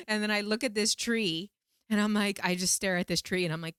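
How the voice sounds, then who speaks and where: A woman vlogger telling a personal story in a casual, animated way, acting out her own pleading lines in a higher voice. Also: brisk, clean tone, no room sound, clean studio sound. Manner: animated, quotes herself in pleading high voice.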